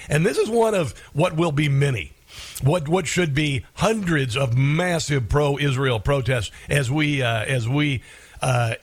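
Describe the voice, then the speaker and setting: A man's voice: mid-range voice, dry recording. A man hosting a talk radio show, delivering an emphatic, mocking monologue and laughing often. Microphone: studio microphone.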